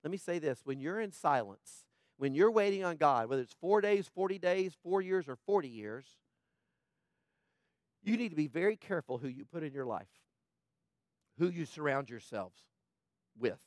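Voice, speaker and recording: A man preaching a sermon to a congregation, asking rhetorical questions and moving between hushed, quiet passages and loud, fervent ones. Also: on the high side, expressive, moderate pace, pauses often, dry recording, studio quality. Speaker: pastor.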